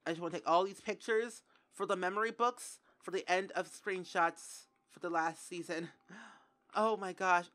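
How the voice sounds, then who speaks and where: A young adult woman commentating her gameplay, dramatic and quick to cry out in dismay. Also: lowish voice, fairly even intonation, fairly bright tone, soft background music. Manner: dramatic, shrieks and cries out in dismay. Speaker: game streamer.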